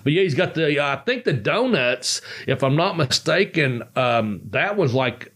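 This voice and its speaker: A man's voice: on the high side, sing-song, normal speed, fairly bright tone. A man hosting a casual podcast, talking loosely and rambling with plenty of swearing. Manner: rambling, profane, loose storytelling. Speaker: podcast host.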